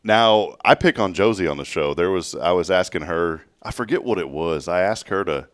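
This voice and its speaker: A deep-voiced man hosts a morning chat show, joking and rambling as he restarts his sentences. The sound is dry and close. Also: normal speed, no room sound. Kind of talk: casual chat.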